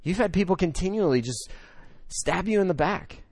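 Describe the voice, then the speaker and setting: Male pastor, 30s, dry close sound, animated storytelling sermon voice. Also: high voice, moderate pace, dry recording. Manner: storytelling with swings from loud excitement to hushed emotion.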